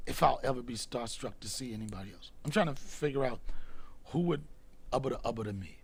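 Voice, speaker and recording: A man hosting a comedy podcast, telling animated stories in a casual chat, dropping loud then hushed. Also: medium pitch, fast talker, vocal fry, slightly rough.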